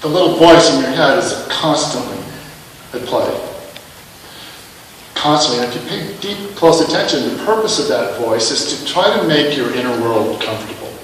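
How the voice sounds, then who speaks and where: A man preaches in a relaxed, self-mocking way, pressing the listeners with rhetorical questions. His voice sits in the middle range and rings through a large, echoing church hall. He stands some way from the microphone, with a faint hiss behind him. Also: medium pitch, moderate pace. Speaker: minister. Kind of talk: sermon. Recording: echoey hall, mic at a distance.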